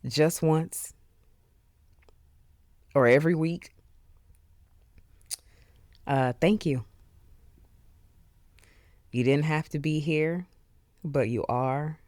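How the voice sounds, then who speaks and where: A podcast host speaking alone in an earnest, heartfelt way, with many pauses and fillers, openly emotional. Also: mid-range voice, darkish tone, clear, resonant tone, no room sound, studio quality. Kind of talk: solo reflective podcast monologue.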